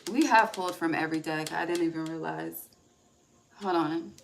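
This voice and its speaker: A woman's voice: deep voice, moderate pace, vocal fry, a little hiss or hum. A woman giving a casual, rambling tarot reading, laughing often and trailing off mid-sentence. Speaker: tarot reader.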